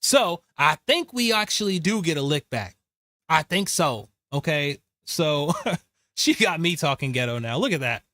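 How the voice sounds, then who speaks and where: Excitable male commentary host, bright forceful voice, close and dry, a little higher than most men. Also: unhurried, no room sound. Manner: excitable, talks back at clips, laughs often. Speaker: show host. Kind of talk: casual political commentary.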